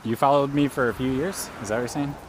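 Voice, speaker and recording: A man's voice: mid-range voice, fairly even intonation, fast, slight background noise. A man live-streaming outdoors while cycling through city streets, chatting casually with his viewers.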